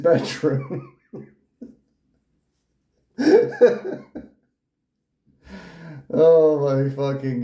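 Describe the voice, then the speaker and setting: A man's voice: mid-range voice, warm tone, reverberant. A man giving mocking reaction commentary, sneering and ridiculing someone as he talks. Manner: sneering, ridiculing, with frequent laughs.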